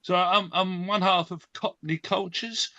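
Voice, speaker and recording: Man hosting an online talk: bright, stop-start, dry close sound. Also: high-pitched, fairly even intonation, measured pace, no room sound, dull audio. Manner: hesitant, many fillers and restarts. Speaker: host. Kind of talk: online event presentation.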